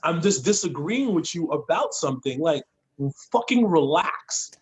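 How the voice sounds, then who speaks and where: A young man on a podcast, a guest with a somewhat high voice. He talks bluntly and with passion, and curses casually. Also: animated, unhurried, husky. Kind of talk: casual chat.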